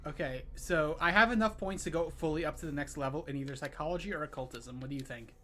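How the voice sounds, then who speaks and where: A woman's voice: sits low, quick pace, a bit bright. A woman plays a game on stream alongside her friend. She chats easily and thinks aloud about her moves. Faint noise sits in the background. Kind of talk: casual let's-play chat.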